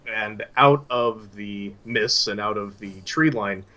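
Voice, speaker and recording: Man, game master narration, bright tone, lower voice, halting with fillers.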